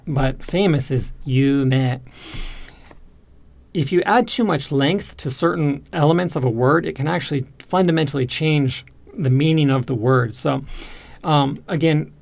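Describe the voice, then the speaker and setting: A man who teaches Japanese, calmly explaining pitch accent and giving feedback on a learner's recording. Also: vocal fry. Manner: calm and explanatory, with fillers. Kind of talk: pronunciation feedback.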